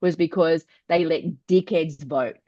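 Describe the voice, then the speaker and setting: An outspoken Australian woman from New South Wales co-hosts a chatty podcast, swearing freely and talking bluntly. Her voice sits fairly low. The sound is dry and a little dull, like a lo-fi home recording. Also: a little slow, mellow, no room sound. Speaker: podcast co-host. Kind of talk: casual chat.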